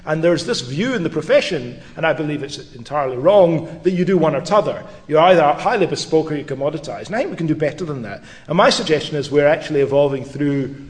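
A middle-aged man, a law professor, giving a public lecture with wry, dry humour and occasional restarts. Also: on the high side. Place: lecture hall with audience. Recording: long reverb of a lecture hall.

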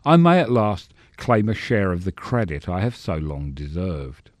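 Male storyteller, low voice, measured and sardonic. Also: big pitch swings, dry recording. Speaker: narrator. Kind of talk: scripted narration.

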